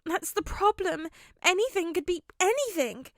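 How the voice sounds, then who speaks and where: A woman's voice: very high voice, sing-song, moderate pace, no room sound, clean studio sound, pitched above the performer's own voice, full character voice. A woman reading aloud voices an anxious, earnest teenage boy student who frets and whines. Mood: pleading, flustered. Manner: earnest, whiny, flustered.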